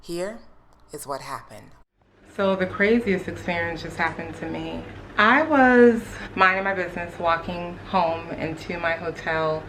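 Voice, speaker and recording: A woman telling a personal story on her vlog, emphatic and talking straight to viewers. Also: deep voice. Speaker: vlogger. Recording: roomy, distant mic with steady background noise.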